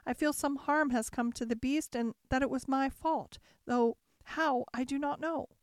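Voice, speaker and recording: A woman's voice: sits high, fairly even intonation, normal speed, no echo, studio quality, pitched above the performer's own voice, natural voice. A woman voicing Beauty, a tender, tearful young maiden, with earnest emotion in a storybook reading. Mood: distraught.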